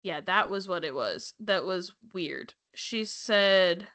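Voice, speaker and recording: A woman's voice: medium pitch, sing-song, slow pace, hardly any pauses, bright, forceful tone. A woman co-hosting a podcast, recapping reality TV in casual, sarcastic, profane chat. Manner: sarcastic, profane, laughing asides. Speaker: podcast co-host.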